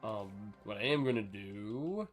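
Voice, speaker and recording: A man chatting casually on a live gaming stream, rambling between thoughts and breaking into sudden excited outbursts. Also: lowish voice, unhurried, faint music behind.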